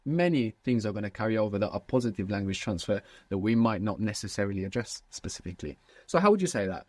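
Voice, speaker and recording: A man's voice: fairly low pitch, expressive, fast, dry recording. A man teaching a language lesson, patiently prompting his student with questions.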